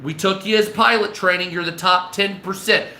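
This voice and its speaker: High-voiced man ranting on a livestream. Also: steady tone, normal speed, bright, forceful tone, echoey room. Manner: profane, rambling, acts out imagined dialogue. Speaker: livestream host. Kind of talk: casual rambling monologue.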